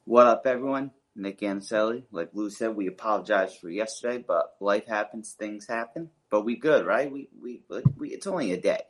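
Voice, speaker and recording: A man's voice: fairly low pitch, normal speed, few pauses. A man co-hosting a casual podcast, chatting in an easygoing, laid-back way. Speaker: podcast co-host.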